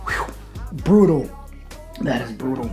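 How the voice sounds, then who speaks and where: A man casually reviewing a hot sauce on his channel, blunt and profane, with loud exclamations. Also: medium pitch, animated, unhurried, soft background music.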